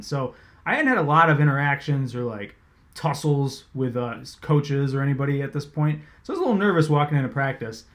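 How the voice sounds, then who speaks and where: A man, a sports reporter, casually telling an animated, swear-laced story about his job. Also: medium pitch. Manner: animated, conversational, swears freely.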